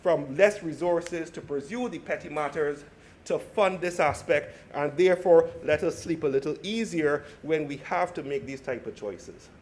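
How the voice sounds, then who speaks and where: A man's voice: fairly high pitch, normal speed, darkish tone, a little hiss or hum. Earnest male senator urging the chamber. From Barbados. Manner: earnest, urging, addresses the chair. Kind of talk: parliamentary speech.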